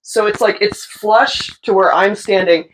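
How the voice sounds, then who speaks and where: A woman's voice: medium pitch, measured pace, a little hiss or hum, poor audio. Young woman, tattoo artist, casual storytelling, swears a lot, mimics people. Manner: animated, swearing, mimics voices in her stories.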